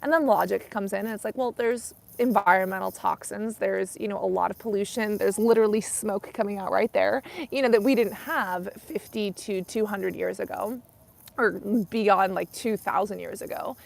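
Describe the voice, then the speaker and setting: Chatty young woman with a gravelly edge. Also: mid-range voice, steady tone, normal speed. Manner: chatty, rambling, frequent "like" and "you know". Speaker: skincare YouTuber hosting a live stream. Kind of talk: casual live-stream chat.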